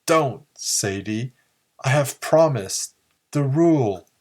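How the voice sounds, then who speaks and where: A man's voice: fairly low pitch, unhurried, a little mellow, natural voice. A man reading a tormented man fighting temptation. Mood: pleading. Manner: strained, pleading.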